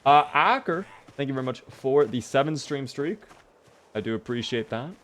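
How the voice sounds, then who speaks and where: A man's voice: medium pitch, animated, moderate pace, a bit bright, slight background noise. Tired young guy streaming a zombie game, chatty, thanks chat a lot, normal mid voice. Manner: chatty, thanks viewers by name, mutters while looting. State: tired, yawning. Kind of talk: casual live-stream commentary.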